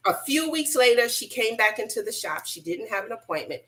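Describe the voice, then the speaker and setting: A middle-aged woman telling her story as a radio interview guest, animated and colloquial, acting out the voices of people she quotes. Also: a little high, brisk. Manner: casual, colloquial. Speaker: guest, hair loss practitioner.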